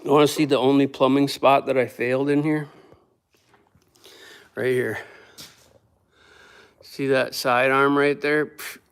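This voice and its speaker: A man's voice: medium pitch, level tone, a little slow, long pauses. A man working as a building contractor, grumbling and swearing to himself and his viewers as he works. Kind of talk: casual work vlog, talking while working. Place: windowless building under construction, indoors. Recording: echoey room, distant mic, faint noise.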